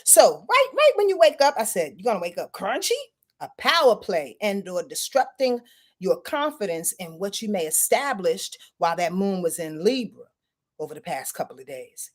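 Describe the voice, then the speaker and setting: A lowish, expressive female voice at a moderate pace belongs to an astrology channel host giving an informal spoken forecast. Her style is chatty and profane, with plenty of laughing at her own expense.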